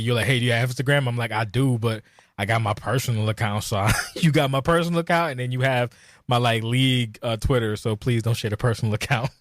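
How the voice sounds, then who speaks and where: A man's voice: mid-range voice, no room sound, clean studio sound. A man hosting a podcast interview, jokey and loose, laughing along with his guest. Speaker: podcast host. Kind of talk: casual chat interview.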